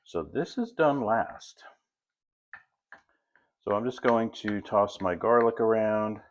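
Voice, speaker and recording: A middle-aged man hosting a home cooking demonstration, walking through each step in a relaxed, chatty way. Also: fairly low pitch, slow pace, slight background noise. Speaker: home cook host.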